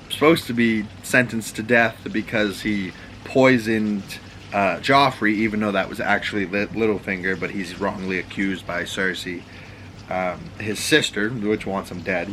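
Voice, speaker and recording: A man's voice: on the low side, pushed and bright, a little hiss or hum, low-quality recording. A man with a Boston accent casually recapping a TV show at home, talking loose, rambling and profane. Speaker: podcast host. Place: home room with water running next door.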